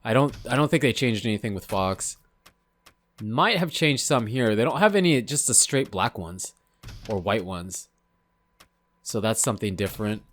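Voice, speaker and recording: A young man, slightly hoarse, casually talking through a video game's menus, rambling and often unsure of himself. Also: fairly low pitch, lively intonation, normal speed, long pauses, fairly bright tone. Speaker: gaming YouTuber. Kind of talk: casual gameplay commentary.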